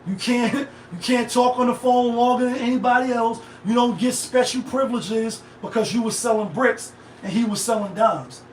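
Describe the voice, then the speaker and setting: A middle-aged man hosts a casual live stream and drifts from one thought to the next in heavy slang. His voice sits high and carries room echo, picked up by a phone set a bit away from him. There is a faint hiss underneath. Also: moderate pace, few pauses, far from the mic. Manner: rambling, digressive, heavy slang and filler. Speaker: livestream host. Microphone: phone set back from the speaker. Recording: echoey room, voice off-mic.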